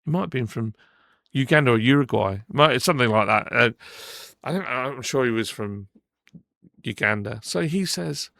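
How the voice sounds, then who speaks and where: A man spins a personal story on a podcast, his voice gravelly with a bright, forceful edge. He acts out every exchange and trips over his own restarts as he goes. The sound is close and dry. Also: mid-range voice, normal speed, no echo. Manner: animated storyteller, acts out quoted dialogue, frequent restarts. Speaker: podcast co-host. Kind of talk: casual storytelling chat. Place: podcast studio.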